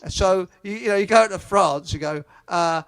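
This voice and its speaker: A man's voice: high-pitched, moderate pace, fairly bright tone, clean tone, no room sound. An older man hosting a casual radio chat, rambling and joking as he reads out listener comments. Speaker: host.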